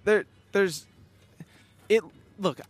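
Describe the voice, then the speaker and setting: A young man with a slightly high voice chats casually on a podcast. He laughs easily and pokes fun at himself. He is recorded outdoors on a boat on a lake. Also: extremely slow. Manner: laughing, self-mocking, lively banter. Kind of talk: casual chat.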